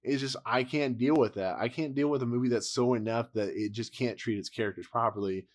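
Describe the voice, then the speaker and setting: A man's voice: medium pitch, fairly quick. A man giving a casual, blunt movie review rant, exasperated and rambling, with frequent laughs.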